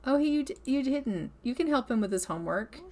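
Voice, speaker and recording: Brief: woman, slightly higher voice, chatty let's-play commentator, affectionate. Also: expressive, fairly quick, a little mellow. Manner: chatty, affectionate, laughs often. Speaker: gameplay commentator.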